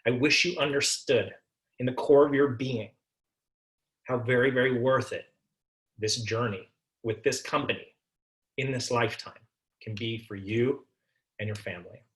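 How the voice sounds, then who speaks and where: A man's voice: medium pitch, normal speed, long pauses, fairly bright tone. A man giving a motivational talk to a business team, emphatic and repeating his key phrases.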